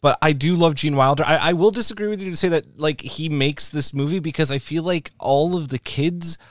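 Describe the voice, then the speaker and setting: A man's voice: on the high side, brisk, dry recording, studio quality. A man co-hosting a podcast in casual chat, enthusiastic, with restarts and stammering. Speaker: podcast co-host.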